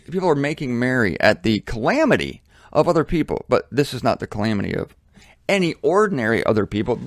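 A man's voice: medium pitch, no room sound, studio quality. Blunt, indignant man preaching a sermon. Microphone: headphones on, close mic.

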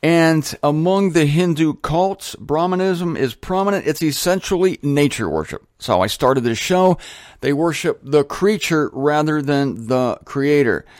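A man hosting a show alone, talking casually with joking asides and lively shifts. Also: on the high side, measured pace, dry recording, studio quality. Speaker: host. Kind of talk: casual monologue on religion.

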